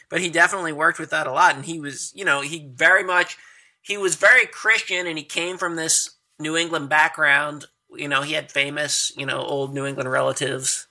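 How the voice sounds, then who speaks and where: A man's voice: on the high side, creaky, pushed and bright. A man telling stories in casual conversation, chatty and laughing often. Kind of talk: casual conversation about poetry.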